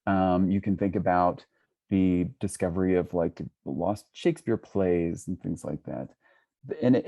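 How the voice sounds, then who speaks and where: A man talking as a guest scholar on a video call, thoughtful and hesitant, with frequent restarts and soft laughs. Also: fairly low pitch. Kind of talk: casual conversation on a video call.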